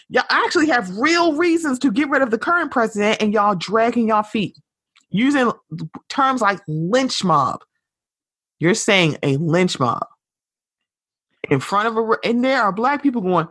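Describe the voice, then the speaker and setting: A woman hosting a podcast, giving blunt, animated pop culture commentary and swearing freely. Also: on the high side, unhurried, husky, no room sound, clean studio sound. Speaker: podcast host.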